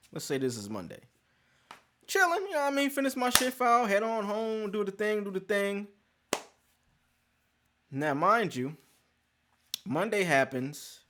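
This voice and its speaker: A male podcast host spinning a story in loose, cursing street slang. His pitch swings all over the place as he acts out every scene, leaping from low mutters to high yelps. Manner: animated, slangy and profane, acting out scenes. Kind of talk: casual storytelling.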